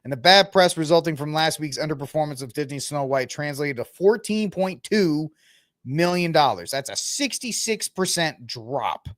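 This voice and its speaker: A talkative man hosts his own podcast, rambling casually from topic to topic and speaking right to his listeners. His voice sits a little high for a man. The sound is dry and close, with no room echo. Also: animated, moderate pace, fairly bright tone. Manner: chatty, rambling, talks to the audience while browsing the web. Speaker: podcast host. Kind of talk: casual solo commentary.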